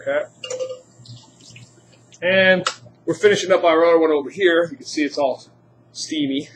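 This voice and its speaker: A man's voice: on the high side, moderate pace, fairly bright tone, slight background noise. A man teaching a chemistry class, quizzing students and joking in asides. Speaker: high school chemistry teacher. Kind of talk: classroom lecture.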